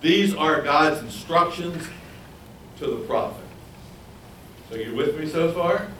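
A man preaching a Bible sermon, animated and acting out the quoted voices. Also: takes it slowly, slight background noise. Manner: animated, acts out quoted voices in a higher pitch. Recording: echoey room, voice from far off.

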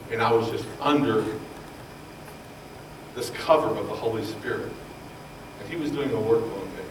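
A man preaching a sermon, telling his own story with passion, his voice rising loud and falling hushed. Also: mid-range voice, noisy background. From Baltimore, Maryland. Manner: impassioned, swings from loud to hushed. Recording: roomy echo, voice from far off.

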